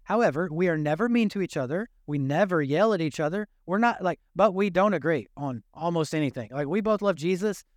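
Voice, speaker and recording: A man's voice: on the high side, brisk, few pauses, no room sound, studio quality. An older man, a grandfather and pastor, preaching a sermon in a conversational, joking way. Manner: conversational, jokey, animated preaching.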